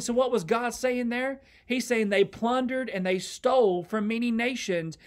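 High-voiced Southern American preacher. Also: male voice. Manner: reads scripture slowly, then explains in plain words. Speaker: associate pastor. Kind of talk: sermon.

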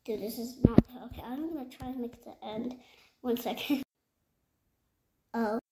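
Woman, high-pitched, gameplay commentary, excitable, frustrated outbursts. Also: a little slow, heavy background noise. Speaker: gaming video creator.

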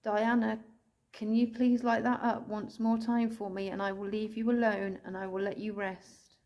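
An English woman ghost hunter calling out to spirits indoors, speaking slowly and tenderly, sometimes tearful, recorded on a handheld camera. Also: mid-range voice, level tone. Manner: soft, pleading, slow and tender, calling out with endearments. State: tearful at times.

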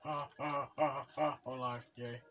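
A young man hosting a gaming video, commentating excitedly and teasing his opponent with frequent yelps and laughs. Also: medium pitch, normal speed. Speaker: gaming channel host.

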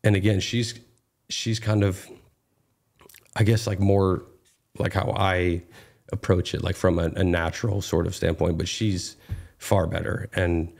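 A man's voice: low-pitched, flat delivery, measured pace, vocal fry, darkish tone. A man in his thirties, a guest actor, talking casually in an interview with many fillers and restarts.

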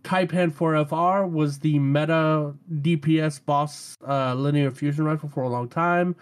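A man's voice: fairly high pitch, steady tone, a little slow, clear, resonant tone. A man hosting a casual gaming podcast, easygoing, laughing often and stumbling over odd weapon names. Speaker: podcast host.

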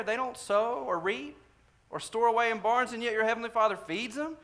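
A man's voice: very high voice, a little fast, fairly bright tone. A man preaching a sermon to his congregation. He talks conversationally, repeats key phrases for emphasis and puts direct questions to the listeners. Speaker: pastor. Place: church sanctuary.

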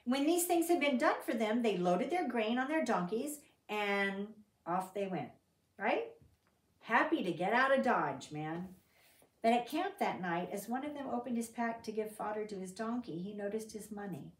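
A woman's voice: fairly high pitch, normal speed. Woman Bible study leader, conversational and questioning, recorded from a distance in a reverberant room. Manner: conversational, asks the group questions; reads scripture aloud with lively emphasis. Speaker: Bible teacher.

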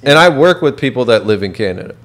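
A man's voice: mid-range voice, big pitch swings, fast talker, a bit bright. A man co-hosting a podcast, talking in a blunt, fired-up casual way and swearing freely. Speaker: podcast co-host. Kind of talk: casual chat.

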